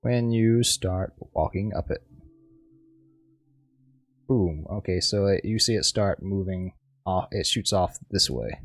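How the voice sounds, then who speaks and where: A man running a tabletop game as game master, narrating haltingly with frequent restarts and searching for words. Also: low voice, animated.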